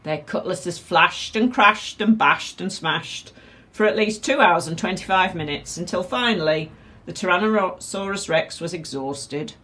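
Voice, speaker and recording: A woman reading a children's picture book aloud with expressive, animated delivery. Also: lowish voice, a little slow. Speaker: storyteller.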